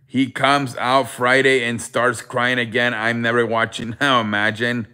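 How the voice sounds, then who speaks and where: Chatty male sports streamer, bright voice. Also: mid-range voice, level tone, measured pace, hardly any pauses. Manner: chatty, greets viewers by name, reads chat aloud; repeats "I beg your pardon" as a running joke. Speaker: live stream host. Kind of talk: casual live chat with viewers.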